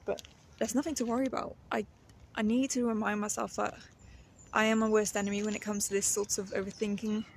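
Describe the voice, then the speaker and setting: A woman, chatting casually in her vlog and laughing often as she talks herself calm. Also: mid-range voice, a little fast, a little hiss or hum. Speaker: artist vlogger. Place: outdoors on a walk, then at home.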